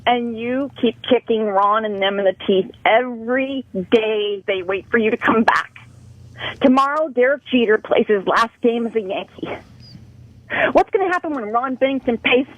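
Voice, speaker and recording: A woman caller on a talk radio show, her voice pitched high and sounding dry and close. She scolds and pleads with real passion, pressing her point without letting up. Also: moderate pace, no room sound, narrow, tinny audio. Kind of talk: heated call-in confrontation.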